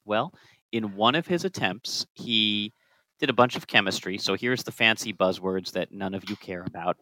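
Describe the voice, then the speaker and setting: A man's voice: on the low side, sharp tone, no echo, poor audio. A man co-hosting a casual podcast, telling chemistry history in a playful, joking way. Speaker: podcast co-host.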